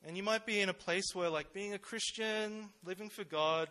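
A young man speaks at normal speed in a high-pitched, pushed, bright voice while giving a casual sermon at church. The delivery is informal, with many fillers and questions aimed at the congregation.

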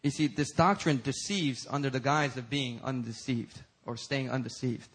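A man preaching a sermon as pastor, swinging between loud emphatic peaks and low, intense passages. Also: moderate pace.

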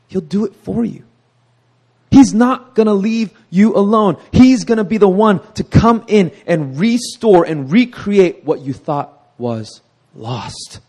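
A middle-aged male pastor preaches a sermon energetically, frequently asking the congregation "right?" and laughing at himself. His pitch is fairly high and his tone darkish.

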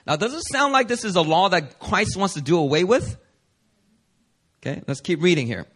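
Man, pastor, sermon, fairly high voice, rhetorical questions, scripture reading. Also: lively intonation, fairly bright tone. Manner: reads scripture aloud, then preaches with rhetorical questions to the congregation; slows for emphasis on key verses.

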